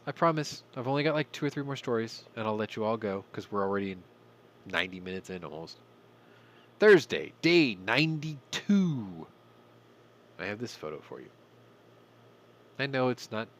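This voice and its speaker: A man hosting a casual news commentary podcast, irreverent and swearing, with ranting asides. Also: mid-range voice. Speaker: podcast host.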